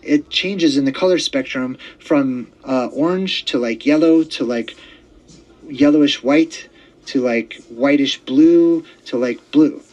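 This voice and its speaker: A man hosting his own podcast, talking in a rambling, excitable casual monologue full of fillers and restarts. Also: mid-range voice, slow pace, dull audio. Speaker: podcast host.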